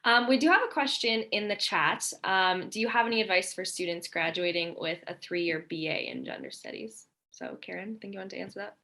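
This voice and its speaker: Young woman hosting a student webinar, upbeat, bright voice, says um a lot. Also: mid-range voice, very animated, fairly quick, few pauses. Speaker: student council moderator. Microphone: video call.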